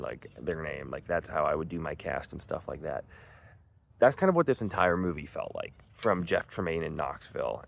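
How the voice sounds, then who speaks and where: A man's voice: low voice, vocal fry, a bit bright. A young man reviewing a movie in casual, rambling chat, full of "like" and "um" and swearing freely. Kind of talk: casual spoken film review.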